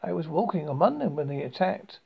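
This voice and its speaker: A reader voicing a cold, clinical man, creaky. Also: medium pitch, lively intonation, dull audio. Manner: detached, matter-of-fact; halting, stumbling restarts. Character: cold clinical man who studies captive humans.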